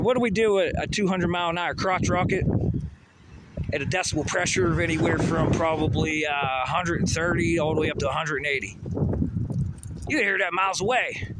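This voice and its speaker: A man rambling and cursing in a walk-and-talk monologue outdoors, recorded on a handheld phone by a road. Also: fairly high pitch. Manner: rambling, profane, addresses Russia directly. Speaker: vlogger. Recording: outdoor noise with passing vehicles.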